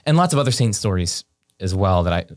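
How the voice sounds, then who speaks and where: Deep-voiced man telling a story animatedly. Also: fast talker, no room sound, studio quality. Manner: animated, heavy on fillers like "like" and "um". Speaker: podcast guest. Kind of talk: casual conversational storytelling.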